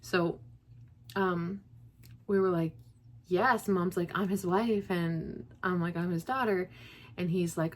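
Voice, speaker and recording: A woman's voice: on the low side, unhurried. A young woman vlogging to camera while grieving, talking in a rambling way with many likes and restarts, close to tears. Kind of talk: casual personal vlog.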